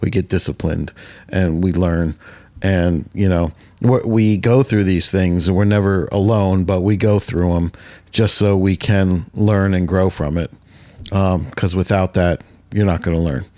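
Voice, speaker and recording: A man's voice: sits low, steady tone, measured pace, mellow, dry recording. A man hosting a casual Bible discussion podcast who sounds agreeable and reflective. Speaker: podcast host.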